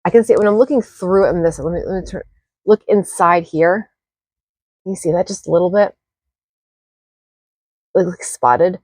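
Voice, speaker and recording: A woman's voice: on the low side, moderate pace, long pauses, a little mellow, no echo. A woman casually rambling through a show-and-tell of her thrift finds at home, self-deprecating and restarting often. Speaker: thrift haul vlogger.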